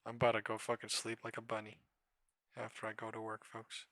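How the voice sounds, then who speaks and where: Male trading streamer, profane and exasperated, very bright voice, dry close mic. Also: fairly low pitch, monotone, a little fast, no room sound. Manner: profane, exasperated rambling about trades. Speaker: live stock trading streamer. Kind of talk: casual live-stream commentary.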